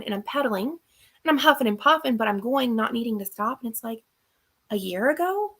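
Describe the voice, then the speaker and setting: A woman's voice: mid-range voice, gravelly, fairly bright tone. A woman hosting a live Q&A stream and chatting casually. She gives practical tips and repeats her key points for emphasis. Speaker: channel host. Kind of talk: live Q&A chat.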